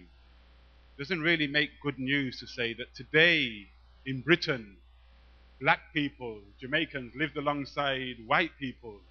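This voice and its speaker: A man's voice: medium pitch, highs cut off. A man, a poet, performing rhythmic spoken-word verse and chatting loosely between pieces to a live audience. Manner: rhythmic, emphatic declaiming, relaxed asides with fillers. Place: live venue before an audience.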